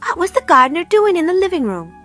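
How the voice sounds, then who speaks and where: A woman doing a high, gushing, fussy mother. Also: expressive, moderate pace, fairly bright tone, soft background music. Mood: alarmed. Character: fussy, easily flustered middle-aged mother. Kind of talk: audiobook reading.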